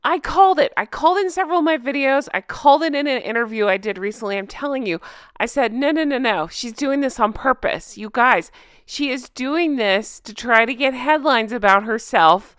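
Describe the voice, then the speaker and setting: A woman's voice: fairly high pitch, brisk, a bit bright, clean tone, no echo, studio quality. A woman hosting a gossip commentary vlog, ranting with sarcastic emphasis. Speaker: channel host.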